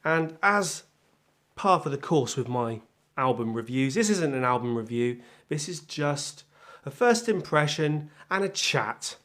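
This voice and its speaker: A man's voice: on the high side, expressive, a bit bright. Chatty man musing over an album. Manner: chatty, self-deprecating, thinks aloud with pauses. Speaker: music channel host. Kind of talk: casual first-impression album chat.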